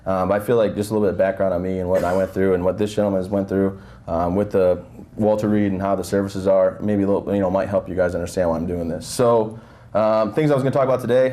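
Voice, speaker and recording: A young man tells his story to a room of listeners at a rapid clip, his voice sitting on the lower side. He keeps it loose and joking, full of "you know" and "um", with the microphone held close enough to catch his breathing. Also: mellow. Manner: joking, conversational storytelling with many fillers. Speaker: guest speaker. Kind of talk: motivational talk to an audience. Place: breakfast event hall. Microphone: handheld mic held close, audible nose breathing.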